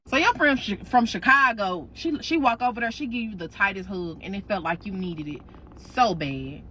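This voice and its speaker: A woman's voice: mid-range voice, animated, normal speed, sharp tone, slight background noise. A woman telling a dramatic second-person storytime, sassy, slangy and profane. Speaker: storytime creator.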